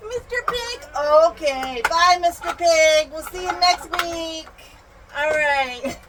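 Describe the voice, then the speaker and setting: A woman's voice: sits high, steady tone, takes it slowly. A young mother teaching her child at home in a singsong voice, with exaggerated gasps and animal sounds. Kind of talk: home video, playful teaching. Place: home room. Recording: noisy home phone recording.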